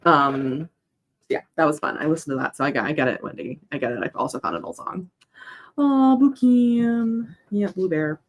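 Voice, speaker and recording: A woman's voice: extremely low pitch, expressive, quick pace, creaky, fairly bright tone. Chatty young woman streaming at her desk. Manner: chatty and rambling, reads chat aloud, coos at her dog. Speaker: writing livestream host. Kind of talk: casual chat during a co-working stream.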